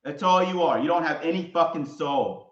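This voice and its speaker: Man, angry solo rant, shouting and hostile, roomy echo, muffled lo-fi sound. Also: a little high, moderate pace. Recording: roomy, dull lo-fi audio.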